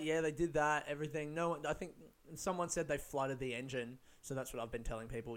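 A man's voice: mid-range voice, brisk, hardly any pauses, a bit bright, smooth. A young man telling a rambling, swear-filled story, full of fillers and laughs. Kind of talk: casual storytelling.

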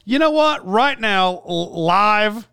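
A man's voice: high-pitched, lively intonation, slow, gravelly, bright, forceful tone, smooth, no room sound, clean studio sound. A man telling a rambling story in a casual vlog, full of restarts and side notes. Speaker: YouTuber.

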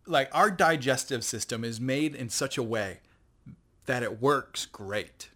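A man co-hosting a casual chat, skeptical and quick to laugh. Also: medium pitch, pushed and bright. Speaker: podcast co-host.

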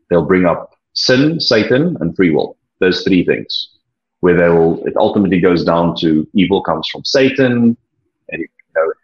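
Casting note: low, husky male voice, hesitant and thoughtful, dull lo-fi recording. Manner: halting, repeats words, many ums. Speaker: interview guest, former church leader. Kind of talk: reflective conversational interview. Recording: dull lo-fi audio.

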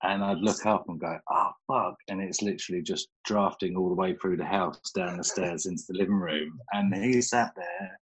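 Husky deep-voiced middle-aged man. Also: steady tone, normal speed, hardly any pauses, poor audio. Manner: chatty storyteller, laughs often, swears casually. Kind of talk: casual chat.

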